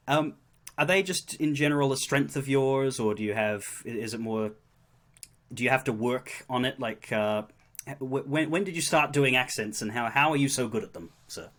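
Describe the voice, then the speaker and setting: A man's voice: mid-range voice, expressive, brisk, a bit bright. A man hosting a live stream interview, asking questions in a chatty, enthusiastic way. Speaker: host, streamer.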